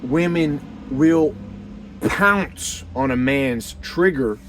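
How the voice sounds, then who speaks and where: A young man hosting a men's community video, talking casually and bluntly, calling the listener dude, with loud emphatic bursts. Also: medium pitch, very slow, a little hiss or hum. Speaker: host of a men's community channel. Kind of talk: casual unscripted monologue.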